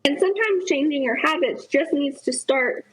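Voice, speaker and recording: A woman telling an anecdote on a podcast in an animated way, acting out the dialogue she quotes. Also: high voice, normal speed, rough recording. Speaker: podcast guest. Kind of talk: anecdotal storytelling. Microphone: remote podcast call.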